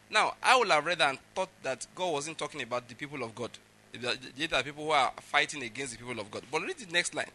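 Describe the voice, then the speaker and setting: A man's voice: on the high side, very animated, fast, bright, forceful tone. A middle-aged man preaching a sermon, emphatic and often checking that his listeners follow. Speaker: pastor.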